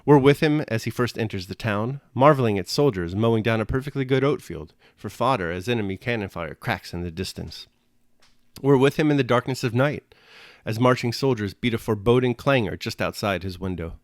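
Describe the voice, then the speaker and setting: A man reading a classic novel aloud in measured, expressive narration, then reflecting on the chapter. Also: mid-range voice, no room sound, studio quality. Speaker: reader and commentator.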